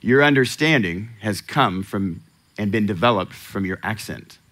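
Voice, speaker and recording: A male pastor delivers a sermon in an easy, conversational way, often tossing questions to the congregation and laughing. His voice sits a little low but has a bright, forceful edge. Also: expressive, normal speed.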